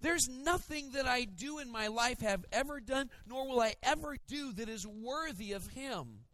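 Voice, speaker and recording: A male pastor preaching a sermon, storytelling in an animated way with playful mimicry. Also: extremely high pitch, normal speed, no room sound.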